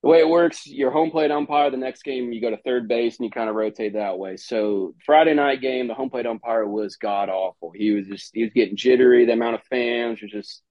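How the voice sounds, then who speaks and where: With a medium-pitched voice and a fairly quick pace, the man leaves few pauses while telling casual stories as a podcast guest. He once played college baseball, and he animates quoted exchanges as he rambles on. The sound is dry, dull and lo-fi, with no echo.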